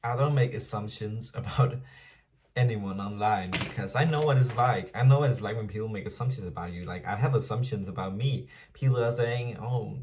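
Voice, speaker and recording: A young man with a lowish voice speaks candidly in a casual home vlog, chatty and open with his viewers. He laughs often and calls them "girl". The mic sits a little way off, so he sounds slightly distant. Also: fairly quick, a little mellow. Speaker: vlogger. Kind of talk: casual confessional vlog monologue. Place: home apartment.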